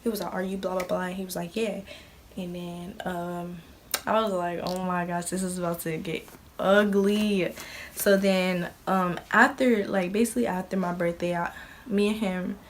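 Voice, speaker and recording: A woman's voice: on the low side, a little hiss or hum. A young woman from Belize, a vlogger telling a casual story and acting out the quoted lines of family members. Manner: chatty, acts out quoted dialogue, many fillers.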